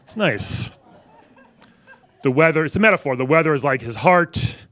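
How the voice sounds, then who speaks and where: Man in his forties, from New York, stand-up comic, wry, chatty, bantering with the crowd, fairly high voice. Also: fast, a bit bright, no room sound. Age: 40s. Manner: wry, conversational, riffs with the crowd. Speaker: stand-up comedian. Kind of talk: stand-up comedy set. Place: comedy club stage with a live audience.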